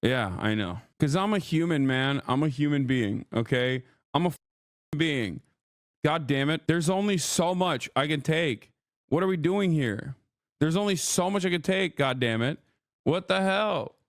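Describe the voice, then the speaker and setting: A man's voice: a little high, animated, unhurried, no room sound, studio quality. A man streaming live, angrily ranting with lots of swearing as he reacts to another creator. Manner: angry, profane, ranting. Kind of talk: heated reaction rant to live chat.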